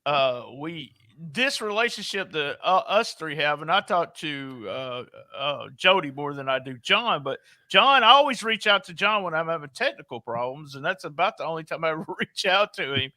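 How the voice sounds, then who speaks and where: A man's voice: on the high side, expressive, moderate pace, few pauses, bright, forceful tone, no room sound. A man chatting casually on a podcast, rambling and restarting his sentences.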